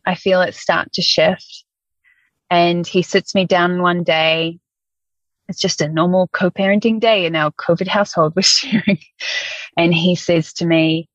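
Candid woman with a low, dry voice. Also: creaky, dry recording, lo-fi sound. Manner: candid, emotional, hesitant with ums. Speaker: guest. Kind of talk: personal storytelling.

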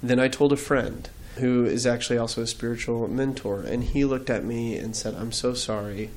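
A man speaks as a guest in an interview. He talks earnestly and reflectively, with a mid-pitched voice, recorded on a studio mic. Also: fairly even intonation, normal speed, darkish tone. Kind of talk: faith interview storytelling.

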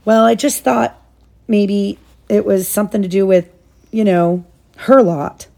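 A woman's voice: medium pitch, measured pace, creaky, warm tone. A woman doing a nervous, mumbling husband. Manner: hesitant, mumbling. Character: nervous middle-aged husband, stiff and fretful.

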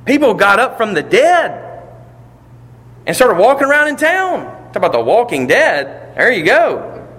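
A pastor preaches with wide swings of pitch, his voice climbing high and loud at the peaks of each point. He asks his listeners rhetorical questions. The sound carries a long reverb from a large hall. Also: sing-song, unhurried. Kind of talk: sermon.

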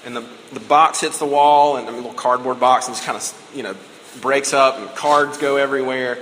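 A man in his thirties, a pastor, gives a sermon that feels conversational and emotional. His mid-range voice is steady, fairly bright, and a little fast, with slight hiss or hum. The recording sits in a reverberant hall with faint ambience.

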